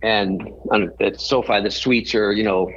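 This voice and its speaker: A man's voice: fairly low pitch, steady tone, unhurried, fairly bright tone, lo-fi sound, a little hiss or hum. A man, a podcast guest, telling a story in a rambling way and often correcting himself mid-sentence.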